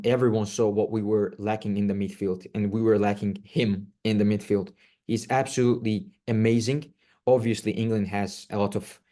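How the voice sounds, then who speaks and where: A man with a low, mellow voice breaks down players for a football podcast. He speaks earnestly but haltingly, pausing on filler sounds as he builds his points. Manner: hesitant, many filler uhs, earnest. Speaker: podcast co-host. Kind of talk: casual football analysis.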